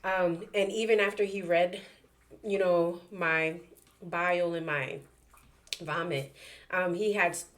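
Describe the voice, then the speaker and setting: A young woman with a slightly low-pitched voice, talking casually and animatedly as she tells a personal story to her viewers. She repeats words and fills her talk with "like" and "um" in a loose, chatty flow. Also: steady tone, slow pace, long pauses, a bit bright. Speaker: vlogger sharing a personal story.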